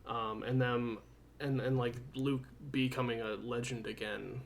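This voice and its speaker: A man's voice: medium pitch, fairly even intonation, unhurried, vocal fry, slight background noise. Laid-back swearing podcast co-host man. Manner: laid-back, swearing, laughs while telling stories. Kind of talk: casual chat.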